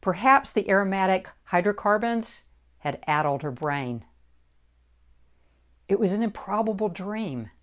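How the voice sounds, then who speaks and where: A woman author reading her own book aloud, in a measured and deliberate narration. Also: mid-range voice, expressive. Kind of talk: audiobook narration.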